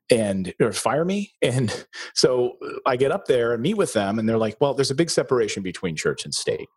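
A low-pitched, slightly rough voice with no echo belongs to a middle-aged man from the Philadelphia area. As an interview guest, this ex-TV news anchor turned real estate investor tells his career story with energy, dramatizing every quoted voice.

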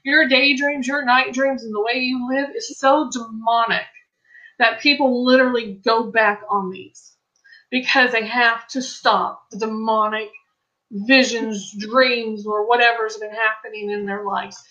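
A middle-aged woman tells a faith testimony in an earnest, storytelling way, often restarting and quoting others. Her voice is bright and sits a little high. The sound is dull and lo-fi. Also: steady tone, unhurried. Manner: earnest storytelling with frequent restarts and quoted dialogue. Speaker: Christian ministry speaker. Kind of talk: testimony-style faith talk.

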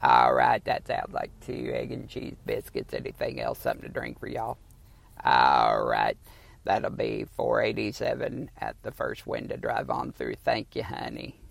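A man's voice: on the low side, sing-song, a little slow, vocal fry, no echo, exaggerated voice. A man imitating a sweet, folksy woman working a drive-thru, with an Oklahoma accent, recorded on a phone. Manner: sweet, folksy, calls customers honey.

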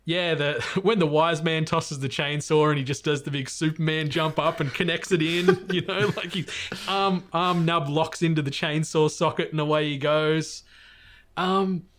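Relaxed man chatting with restarts. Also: a little high, normal speed. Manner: relaxed, hesitant, restarts words. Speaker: podcast co-host. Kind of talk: casual movie chat.

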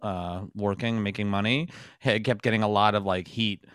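Podcast dude rambling, lots of likes and ums, smooth voice, dry mic. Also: male voice, lowish voice, steady tone, moderate pace, fairly bright tone, dry recording. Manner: rambling, filler-heavy, laughs often. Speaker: podcast co-host. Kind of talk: casual comedic podcast chat.

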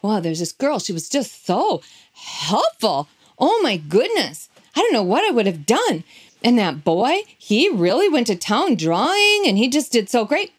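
A woman's voice: fairly high pitch, wildly swooping pitch, a little slow, breathy edge, full character voice. A woman voicing a grateful male substitute teacher who speaks in an effusive, gushing way.

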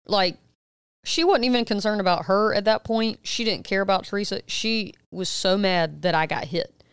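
Animated woman telling a story, crisp dry voice. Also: mid-range voice, moderate pace, no room sound. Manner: animated retelling with loud acted quotes and swearing. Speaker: podcast co-host. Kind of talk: casual storytelling chat.

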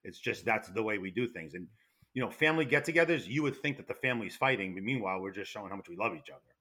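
A man with a New York accent, a retired fire investigator telling stories in a loud, animated way with many restarts. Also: fairly low pitch, quick pace, slightly rough. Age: older. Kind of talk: casual interview.

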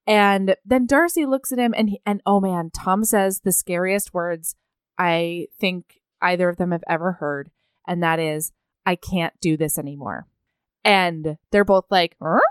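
A woman's voice: lowish voice, clear, resonant tone, no room sound, clean studio sound. A woman casually retelling a novel's plot, animatedly acting out the characters' lines. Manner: animated, acts out characters' lines in quick voices. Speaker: podcast co-host recapping a novel. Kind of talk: casual book-recap chat.

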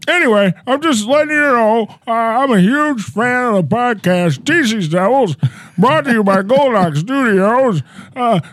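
A man's voice: very high-pitched, no echo, pitched above the performer's own voice. A man doing a comedic impression of a rambling, folksy elderly male president. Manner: rambling, folksy, wanders off-topic.

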